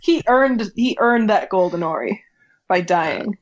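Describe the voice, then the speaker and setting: A woman's voice: medium pitch, lively intonation, a little slow. A woman co-hosting a casual podcast, teasing the others bluntly. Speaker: podcast co-host. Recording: dull lo-fi line with faint noise.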